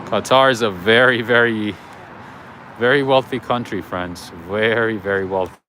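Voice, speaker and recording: A man's voice: on the low side, moderate pace, sharp tone. Guy walking around outside on a livestream, chatting to chat, faint street noise behind him. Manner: chatty, storytelling, reads out viewer chat. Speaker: livestream host. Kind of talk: casual live walking stream, chatting with viewers. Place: outdoors on city streets.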